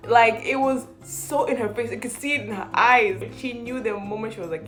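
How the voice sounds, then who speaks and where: A young woman giving casual, animated commentary on a reality show, swearing freely and acting out the people she talks about. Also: fairly high pitch, normal speed, hardly any pauses, soft background music. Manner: animated, quotes people in put-on voices, swears. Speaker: vlogger.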